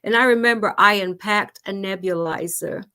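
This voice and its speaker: Woman host, mid-pitched, earnest and emotional, candid personal storytelling. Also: moderate pace, pushed and bright. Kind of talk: candid conversation about grief.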